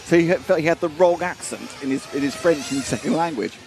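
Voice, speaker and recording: A British man from the United Kingdom co-commentates on a racing live stream, chatting casually in a fast, fairly high voice with vocal fry and a darkish tone. He's self-mocking and laughs often, with soft music playing in the background.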